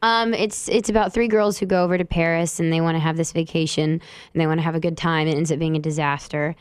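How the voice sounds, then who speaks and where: A woman's voice: sits low, fairly even intonation, quick pace, clear, resonant tone, no room sound. A young actress on a radio show, friendly and easygoing as she describes her film. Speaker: actress guest. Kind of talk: radio interview.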